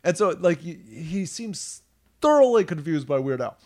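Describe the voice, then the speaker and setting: A man hosting a casual podcast chat, rambling with frequent restarts and quick laughs. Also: a little high, big pitch swings, dark tone.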